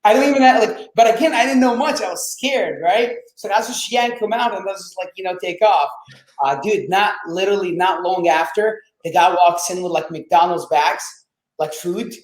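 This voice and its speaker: A man whose first language is Arabic, telling his story as a podcast guest in a lively, swearing, casual way and acting out quotes. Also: sits high, moderate pace, roomy sound, poor audio. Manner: animated, swears, acts out quotes.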